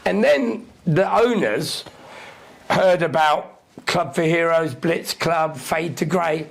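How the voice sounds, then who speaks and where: A man in his sixties, a figure from the music world, tells stories as a guest at a live Q&A. His voice is on the high side, slow, with vocal fry, and he's brash and profane, acting out what other people said.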